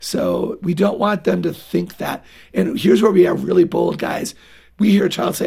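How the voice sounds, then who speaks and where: Earnest husky-voiced woman guest. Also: lowish voice, normal speed, dark tone. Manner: earnest, emphatic, acts out dialogue with children. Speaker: guest parenting author. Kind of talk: radio interview.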